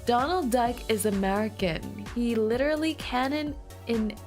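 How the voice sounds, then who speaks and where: A woman's voice: fairly high pitch, moderate pace, faint music behind. A woman streamer chatting casually with her viewers, playful and giggly, breaking into squealing outbursts now and then.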